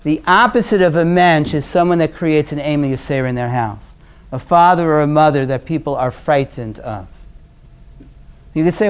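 A Brooklyn, New York man teaches a conversational class on parenting, telling stories at a moderate pace in a smooth voice. He's earnest and often drops to a quiet, low tone.

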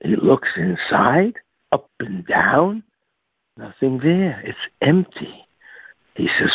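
Gravelly man telling a religious tale. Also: mid-range voice, very animated, dry recording. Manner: halting, with repeated restarts and fillers. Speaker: storyteller. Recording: tinny phone-like, dry recording.

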